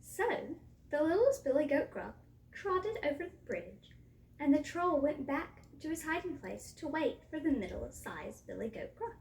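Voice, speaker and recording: A woman reading a children's story aloud in a lively, expressive way, in an echoey room away from the mic. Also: sits high, a little slow, creaky, recorded from a distance, slight background noise.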